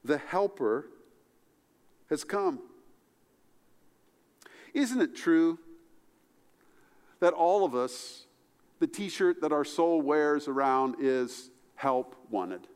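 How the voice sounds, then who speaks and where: A man preaching a sermon as pastor, animated, his voice climbing high for emphasis and falling low and soft. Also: very slow, pauses often, clear, resonant tone, in a large hall.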